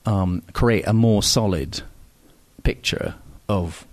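A man's voice: on the low side, slow pace, darkish tone, dry recording. A man telling stories in an interview, rambling and self-deprecating, with frequent ums and restarts. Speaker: novelist guest. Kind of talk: casual anecdotal interview talk.

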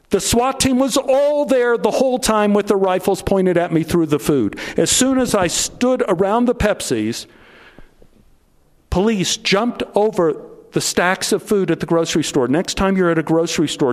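Narrating his own experience to a crowd, a middle-aged man slows down and lowers his voice at the moments of tension.

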